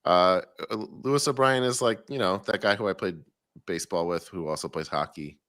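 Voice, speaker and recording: A man from the Boston area co-hosting a soccer podcast, with a very low voice that still has a bright, forward edge. His humor is dry and wry, and he stops and restarts his sentences as he goes. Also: fairly quick. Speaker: podcast co-host. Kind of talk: casual postgame chat.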